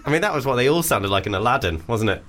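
A man's voice: mid-range voice, animated, rapid-fire, fairly bright tone, a little hiss or hum. A man co-hosting a comedy radio show, bantering and laughing easily. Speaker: radio co-host.

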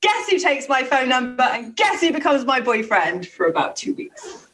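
A young woman co-hosting a casual chat, telling an animated story with quick laughs and acted-out quotes. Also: high-pitched, distant mic, low-quality recording. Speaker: co-host.

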